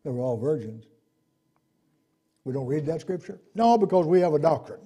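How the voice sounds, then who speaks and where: Husky guy preaching in church, dark mellow voice, gets loud then drops low, plays out little back-and-forths. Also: moderate pace, pauses often. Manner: animated preaching, swinging from loud emphasis to low asides, acts out quoted voices. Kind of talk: sermon.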